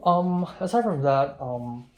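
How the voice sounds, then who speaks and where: Young guy from hong kong rambling about his day, um and like everywhere, voice sits a bit high. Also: animated, slow, darkish tone. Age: young adult. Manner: rambling, chatty, many fillers. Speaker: film student vlogger. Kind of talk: casual diary vlog.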